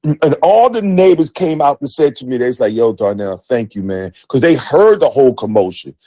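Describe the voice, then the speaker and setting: A man's voice: mid-range voice, lively intonation, moderate pace, mellow, no room sound. A middle-aged man, co-host of a sports talk show, telling a story with profanity and emphatic acted-out dialogue. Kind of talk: animated storytelling.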